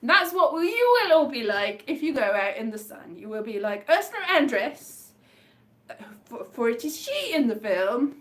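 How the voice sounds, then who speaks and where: High-voiced woman, rambling chat. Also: very animated, moderate pace, a bit bright. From Wales. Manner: rambling, chatty, jumps between tangents. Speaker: comedian live-streaming to viewers. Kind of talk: casual live-stream chat. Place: indoors at home.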